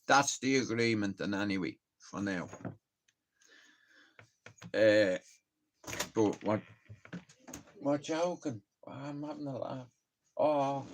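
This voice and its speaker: Irish lad on a live stream, laid-back and slow-talking, curses freely, chats to viewers like mates. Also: male voice, medium pitch, slight background noise. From Ireland. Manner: sweary, rambling storytelling, laughs at own tales. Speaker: livestreamer. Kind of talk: casual live-stream chat.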